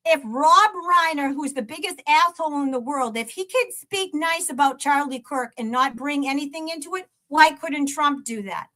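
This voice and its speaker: Her high-pitched voice is bright and forceful, moving at a moderate pace with few pauses. As a livestream host, she swears at and taunts a troll, laughing between the jabs of her mocking rant.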